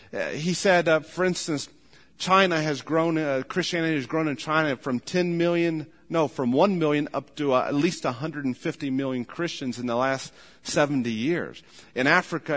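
A male pastor preaches with earnest emphasis, often stumbling into quick restarts as he pushes a point. His voice sits a little higher than most men's. It rings out with a long reverb, as if he were filmed in a large hall. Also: fairly bright tone. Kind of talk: sermon.

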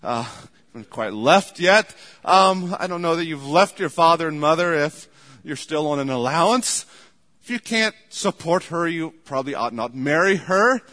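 A man's voice: fairly high pitch, moderate pace. A man preaching a sermon on marriage in a conversational, storytelling way. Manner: conversational, animated storytelling with acted quotes. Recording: large hall with long reverb.

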